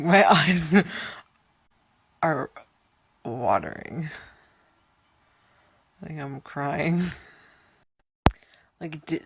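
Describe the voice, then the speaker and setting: A vlogger in her twenties talks through a casual reaction video in a low, husky, unhurried voice with no room sound. She is chatty and dramatic, with giggly asides, yet sounds worn out and tired.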